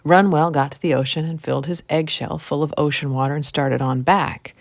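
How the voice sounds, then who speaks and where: A woman storyteller and podcast host telling an old folk tale in a relaxed, folksy way. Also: low voice, a little fast, vocal fry, no room sound, clean studio sound.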